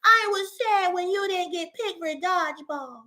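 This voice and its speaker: A woman's voice: a little slow, bright, forceful tone, heavily acted. Woman putting on a sad little child's voice. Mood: wistful. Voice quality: high childlike voice.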